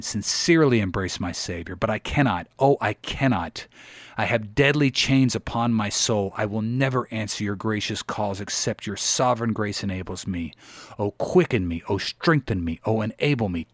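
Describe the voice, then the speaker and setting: A man's voice: on the low side, dry recording. A man giving a dramatic reading of an old sermon, preaching in a solemn, emphatic and pleading way. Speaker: sermon reader.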